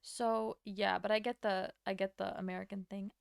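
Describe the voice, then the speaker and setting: A woman's voice: mid-range voice, flat delivery, moderate pace, gravelly, clean tone, no room sound, studio quality. A young woman streamer whose first language is Latvian, rambling casually while she draws, swearing now and then and answering her chat. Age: young adult.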